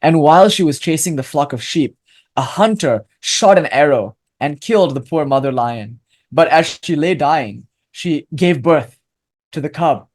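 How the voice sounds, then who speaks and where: A man, a philosopher guest in an interview, telling a parable in an earnest, animated way and speaking with firm conviction. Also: a little high, unhurried. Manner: convinced, emphatic. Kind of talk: storytelling interview talk.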